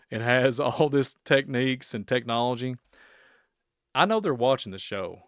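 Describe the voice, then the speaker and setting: Rambling man with a smooth voice. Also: medium pitch, moderate pace, no echo, clean studio sound. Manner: rambling and excitable, chuckling often, trails off into muttering. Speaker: podcast host. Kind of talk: rambling solo podcast rant.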